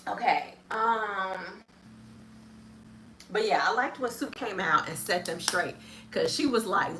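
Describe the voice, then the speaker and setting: A woman's voice: medium pitch, expressive, unhurried, a bit bright, a little hiss or hum. A woman hosting a casual movie review chat. She rambles in a friendly way, stumbles over her words and fills gaps with lots of ums. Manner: chatty, hesitant, many fillers, laughs often. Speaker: film reviewer.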